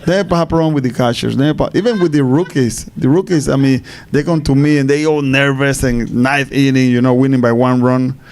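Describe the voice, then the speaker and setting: A man from Panama, answering fan questions at a live Q&A. He speaks haltingly, repeats words and laughs between answers. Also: medium pitch, fairly even intonation, darkish tone, a little hiss or hum.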